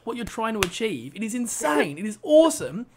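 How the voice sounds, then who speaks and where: A man's voice: high-pitched, sing-song, a little fast, crowd noise. A man co-hosting a motivational podcast, enthusiastic and insistent, repeating his instructions to listeners. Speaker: podcast co-host.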